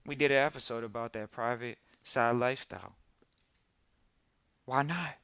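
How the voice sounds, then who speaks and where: A man hosting a live podcast in casual talk, animated and repeating phrases for emphasis. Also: mid-range voice, moderate pace, clear, resonant tone, no room sound. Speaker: podcast host.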